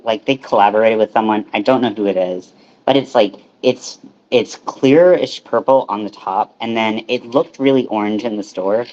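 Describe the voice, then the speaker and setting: A man's voice: medium pitch, a little mellow, lo-fi sound. A man hosting a casual livestream from his kitchen, rambling with lots of fillers and restarts. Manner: rambling, filler-heavy, self-interrupting. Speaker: livestream host. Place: small home kitchen.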